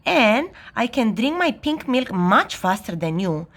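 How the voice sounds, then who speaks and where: A woman's voice: sing-song, measured pace, a bit bright, full character voice. A woman voicing a cheeky little girl who insists she always wins, bossy and insistent. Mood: boastful. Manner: bossy, high-pitched and insistent.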